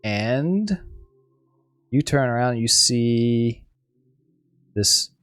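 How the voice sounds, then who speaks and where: A man running a tabletop game as game master, narrating haltingly with frequent restarts and searching for words. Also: mid-range voice, a bit bright, clear, resonant tone.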